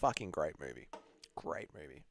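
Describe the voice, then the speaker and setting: A man's voice: extremely low pitch, very animated, moderate pace, creaky, a little hiss or hum. Hungover Australian man streaming. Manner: laid-back, sweary, laughs easily. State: hungover and low energy. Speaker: livestream host. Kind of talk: casual livestream chat reading viewer messages.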